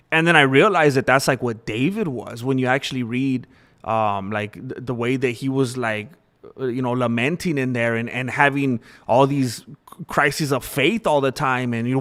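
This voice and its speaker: A man's voice: medium pitch, normal speed, a bit bright. A young man hosting a livestream, talking candidly and rambling in casual chat with viewers. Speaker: livestream host.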